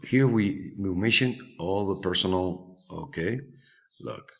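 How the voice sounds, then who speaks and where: A man's voice: sits low, takes it slowly, vocal fry. A male English teacher with a Spanish accent giving a patient online lesson for children, with many fillers and repeated words. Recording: dull lo-fi recording.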